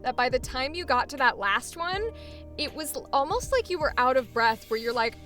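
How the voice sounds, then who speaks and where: A woman with a high-pitched voice coaching a voice actor, chatty and encouraging, peppering her notes with fillers. Faint music plays quietly under her. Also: sing-song, moderate pace. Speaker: voice acting coach. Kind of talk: coaching session.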